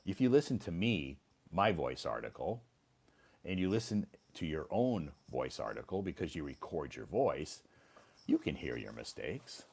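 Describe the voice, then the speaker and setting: Deep-voiced man teaching English casually. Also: big pitch swings, moderate pace, gravelly, a little mellow, slightly rough. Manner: explains patiently, repeating words for learners. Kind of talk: casual live-stream English lesson. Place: living in China.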